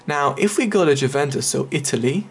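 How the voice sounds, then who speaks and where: A man's voice: a little high, lively intonation, brisk, slight background noise. A man giving casual, chatty commentary over a game walkthrough, explaining each step with many fillers. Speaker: gaming video creator.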